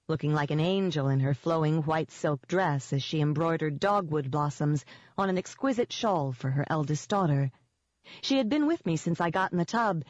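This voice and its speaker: An audiobook narrator reading a first-person novel in a steady, measured way. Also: mid-range voice, no echo. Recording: dull, dry lo-fi audio.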